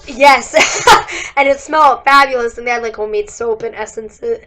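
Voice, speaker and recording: High, giggly young woman losing her voice. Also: moderate pace, bright, forceful tone. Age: young adult. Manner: chatty, giggly, many likes and acted-out quotes. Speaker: college student vlogger. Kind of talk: casual storytelling chat. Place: indoors.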